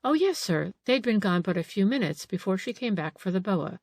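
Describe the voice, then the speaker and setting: A woman's voice: medium pitch, lively intonation, brisk, a little mellow, no room sound, clean studio sound. A woman voicing a frightened middle-aged female housekeeper in an audiobook, anxious and eager to please. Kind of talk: audiobook character reading.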